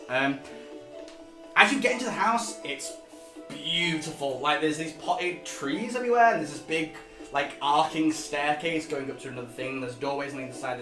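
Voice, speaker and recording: A man running a tabletop game as game master, narrating in a rambling way with frequent fillers. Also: a little high. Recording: roomy, with music behind.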